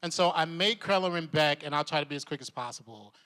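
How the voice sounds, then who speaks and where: A man telling stories at a convention panel, lively and laughing, acting out the voices of the people he quotes. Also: on the high side, fast talker, smooth. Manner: animated, laughing, acts out voices. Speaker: convention panel guest, actor. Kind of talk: animated storytelling at a convention panel. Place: convention hall. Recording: long hall reverb.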